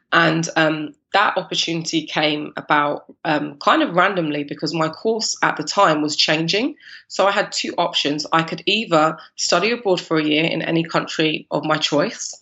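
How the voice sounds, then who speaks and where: A woman from East London in her thirties with a London accent, telling her story as a podcast guest in an animated, laughing way. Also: low voice, highs cut off. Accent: London English. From East London, England. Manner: animated, laughing, acts out her past self in quotes. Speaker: guest, cupcake business founder.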